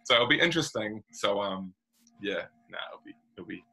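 A man's voice: on the low side, expressive, normal speed, vocal fry, pushed and bright, poor audio. A New Zealand man hosting a casual basketball chat, rambling and laid-back with plenty of slang. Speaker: podcast host.

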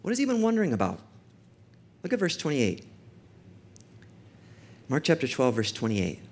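Male pastor, mid-range voice, emphatic sermon delivery that slows for stress and repeats lines, brisker when telling stories. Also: medium pitch, huge pitch swings, a little hiss or hum. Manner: emphatic, with slowed-down stressed phrases and repetition for effect; storytelling asides in a quick conversational tone.

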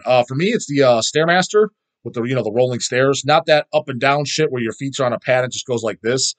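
Man, middle-aged, quick rambling delivery, heavy swearing, casual vlog chat. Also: mid-range voice. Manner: rambling, profane, swears constantly. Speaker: channel host answering viewer questions.

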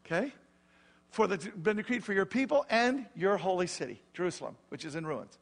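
A man preaching a sermon as pastor, explaining scripture in an animated, conversational way with frequent questions to the congregation. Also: high voice, fairly quick, vocal fry. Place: church.

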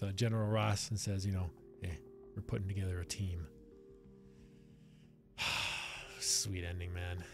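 A man hosting a movie review channel, talking casually and enthusiastically straight to his viewers and often checking in with "right?". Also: mid-range voice.

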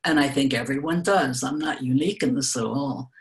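Speaking as a guest, an older woman responds to interview questions by sharing thoughtful personal stories in an unhurried, gentle manner, with occasional soft laughter. Her pitch is extremely low.

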